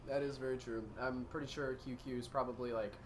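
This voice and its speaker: A Canadian caster talks through picks and bans in a chatty, rambling way, often restarting sentences. The voice is mid-pitched and sits over a clear bed of background noise. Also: level tone, brisk. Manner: chatty, rambling, self-correcting. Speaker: esports caster. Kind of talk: casual tournament casting.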